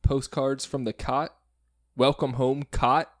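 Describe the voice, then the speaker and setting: A man's voice: mid-range voice, flat delivery, slow pace, no echo, clean studio sound. A man hosting a casual film podcast, rambling a little and correcting himself as he goes. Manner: rambling, self-correcting, chuckling. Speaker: podcast host.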